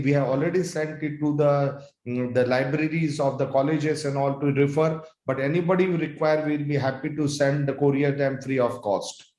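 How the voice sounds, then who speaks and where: A man opens a webinar and introduces the speaker in a hesitant way, stopping and restarting often. His voice is a little higher than usual and rings in an echoey room over the video call. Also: a little mellow. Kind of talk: casual introduction.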